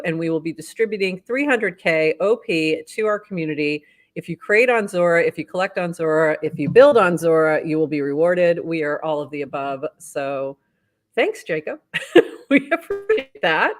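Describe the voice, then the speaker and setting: A woman's voice: on the low side, animated, moderate pace. A woman co-hosting a casual talk show, upbeat, reading posts aloud and laughing often. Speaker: podcast co-host. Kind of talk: casual news roundup chat.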